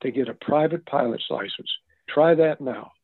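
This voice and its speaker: A man's voice: fairly high pitch, moderate pace, dry recording. An older man, an interview guest, telling stories casually and rambling, with many restarts and asides. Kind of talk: casual storytelling. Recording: dry, tinny phone line.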